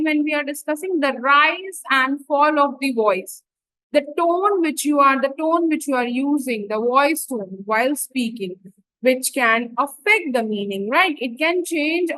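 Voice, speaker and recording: High, bright-voiced woman lecturing. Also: no echo, rough recording. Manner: explanatory, frequent "right?" checks and fillers. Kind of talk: online lecture.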